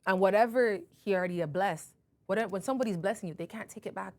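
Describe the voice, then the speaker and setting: A woman's voice: mid-range voice, quick pace, a little mellow, lightly acted. A woman voicing a blind elderly father who questions and then mourns. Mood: grieving. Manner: questioning, pleading. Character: blind aged father, doubting and grieving.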